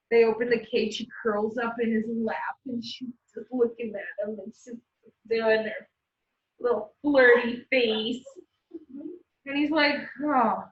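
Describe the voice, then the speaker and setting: Chatty woman lecturing in an echoey classroom. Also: a little high. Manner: chatty, laughs often, animated storytelling. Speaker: instructor. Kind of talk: classroom lecture with personal anecdotes. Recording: roomy, dull sound from a distant mic.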